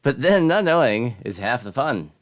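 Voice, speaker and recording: Man doing a high sing-song wanderer, cheerful, chatty, theatrical, loud. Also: sing-song, normal speed, dry recording, clean studio sound, close to an everyday voice. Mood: cheery.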